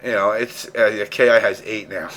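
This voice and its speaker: A man's voice: fairly low pitch, fairly even intonation, moderate pace, a bit bright. A man hosting a casual gaming podcast, ranting emphatically and swearing freely. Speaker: show host.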